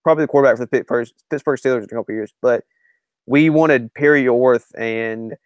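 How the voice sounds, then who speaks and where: A man's voice: medium pitch, fast talker, clean tone, no echo. A man co-hosting a casual sports podcast, talking through his thoughts and often correcting himself. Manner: rambling, self-correcting. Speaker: podcast co-host and writer.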